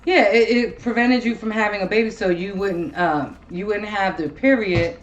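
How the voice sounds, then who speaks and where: Seorang wanita paruh baya yang mengobrol santai dan bertele-tele sebagai pembawa acara podcast, sering mengumpat dengan gaya yang hidup. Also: female voice, mid-range voice, normal speed, highs cut off. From Ohio. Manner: swears a lot, rambling and animated. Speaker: podcast host. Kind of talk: casual chat.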